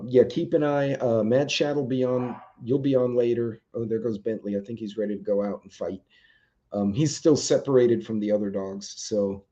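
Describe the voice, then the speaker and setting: A man with a dark, medium-pitched voice hosts a relaxed live stream, reading viewers' comments and chatting loosely with them. There's a lot of rambling and plenty of ums, and the stream audio is dull and lo-fi.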